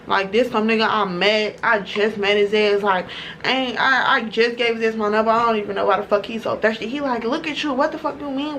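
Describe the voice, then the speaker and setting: A woman chatting through a profane, animated storytime while doing her makeup on camera. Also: medium pitch, a little hiss or hum. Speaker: beauty vlogger.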